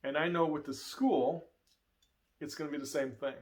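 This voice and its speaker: A man's voice: on the high side, steady tone, moderate pace. Earnest man telling a testimony. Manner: earnest, storytelling, emotional. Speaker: guest speaker. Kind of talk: testimony in a church service.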